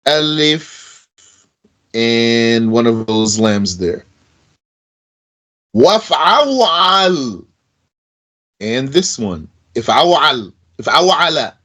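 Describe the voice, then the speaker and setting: A man teaching an Arabic grammar lesson in a casual way, slowly repeating verb forms aloud with fillers like "you know". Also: mid-range voice, a bit bright, rough recording. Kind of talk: recorded lesson.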